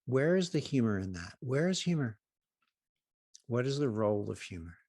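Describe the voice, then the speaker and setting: A man hosting a healing program, telling humorous anecdotes with wry asides and pauses. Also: mid-range voice, big pitch swings, darkish tone, breathy edge, no room sound, studio quality. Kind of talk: humorous storytelling talk.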